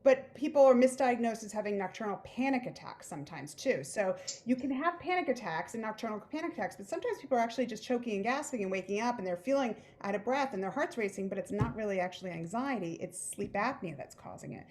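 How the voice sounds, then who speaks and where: A woman's voice: mid-range voice, lively intonation, quick pace, few pauses, a little mellow, slight background noise. Chatty woman sleep specialist. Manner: chatty, casual, with filler "like" and "right?". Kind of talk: panel discussion.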